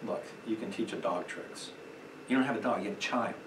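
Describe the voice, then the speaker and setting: A man with a lowish voice, speaking a little fast, teaches a parenting class in a church meeting room, emphatic and conversational. He acts out quotes and chuckles often. A distant room mic captures an echoey space with faint noise.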